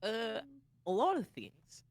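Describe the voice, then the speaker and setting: A woman's voice: fairly high pitch, huge pitch swings, takes it slowly, dry recording. A woman reading a character's lines in a fanfic table read, loose and laughing. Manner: laughing, loose reading with playful accent attempts. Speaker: reader voicing a fanfic character. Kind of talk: casual fanfic read-aloud on stream.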